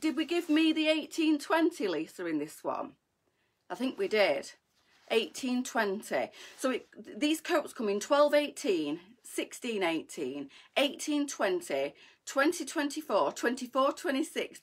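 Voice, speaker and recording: A woman's voice: fairly high pitch, slightly rough. A middle-aged woman chatting bubbly to viewers as she models coats on a live shopping stream. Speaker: fashion boutique live seller. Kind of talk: live sales chat to viewers. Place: indoors, live video stream.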